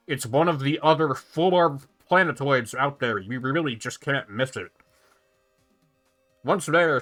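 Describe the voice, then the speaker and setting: A man voicing a haughty female alien hive ruler from a video game, reading her lines slowly and solemnly. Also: mid-range voice, fairly bright tone. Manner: slow, solemn, commanding delivery. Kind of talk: reading game dialogue aloud in a voice.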